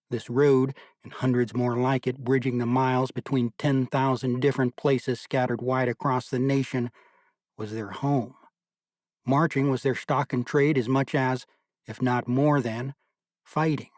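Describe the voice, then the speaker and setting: Brief: male audiobook narrator, mid pitch, dry close studio sound, measured delivery. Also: a little mellow, no echo. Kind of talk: scripted narration.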